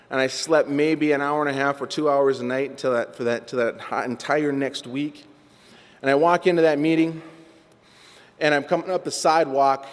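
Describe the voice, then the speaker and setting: Man telling his story in a reverberant hall. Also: mid-range voice. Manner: animated, self-mocking storyteller who acts out quotes. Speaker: recovery meeting speaker. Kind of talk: personal recovery story told to a meeting. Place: meeting hall. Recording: long reverb from a large hall.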